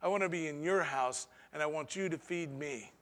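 A man preaching a sermon as pastor, with dramatic pauses and sudden swings between soft and loud delivery. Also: a little high, long reverb tail.

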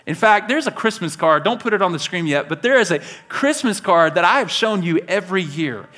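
A man preaching a sermon to his church, animated and conversational, laughing along with his stories and talking straight to the congregation. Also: high-pitched, fairly quick. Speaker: pastor.

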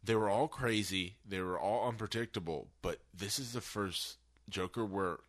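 A man co-hosting a casual podcast film review, talking excitedly, swearing freely and acting out quoted lines. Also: on the low side, moderate pace. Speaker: podcast co-host.

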